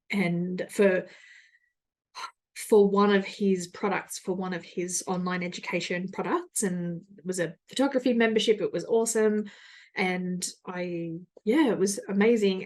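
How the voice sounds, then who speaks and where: A woman's voice: mid-range voice, darkish tone. Brief: woman in her thirties, solo podcast host, candid and rambling, self-mocking, frequent laughter.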